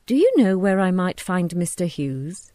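A woman's voice: on the low side, big pitch swings, unhurried, mellow, no room sound, clean studio sound. A woman voicing a polite, hesitant mother in a storybook reading. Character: anxious polite mother visiting a village.

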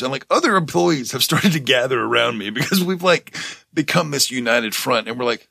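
A man's voice: mid-range voice, normal speed, creaky, dry recording, clean studio sound. A young man on a podcast, telling a story in a casual chat. He swears a lot and works himself up as he talks. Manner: animated storyteller, swears a lot, gets heated. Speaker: podcast co-host.

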